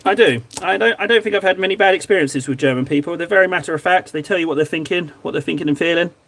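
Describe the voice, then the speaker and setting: A man's voice: a little high, quick pace, fairly bright tone. An Englishman hosting a casual livestream while painting miniatures at home. He rambles, jokes about himself, and chats with his viewers into a close streaming microphone. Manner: rambling, self-deprecating, joking.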